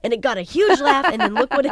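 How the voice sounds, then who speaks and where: Animated woman telling stories, dry sound. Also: high voice, dry recording. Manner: animated storytelling, laughs often. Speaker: voice actress, interview guest. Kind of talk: casual interview talk.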